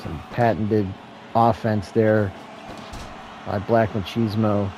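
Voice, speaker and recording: A man hosting and calling a wrestling video game match as a solo play-by-play commentator, with excitable calls and joking asides. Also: on the low side, takes it slowly, background noise. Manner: excitable play-by-play, rising to shouts at near-falls; self-deprecating asides.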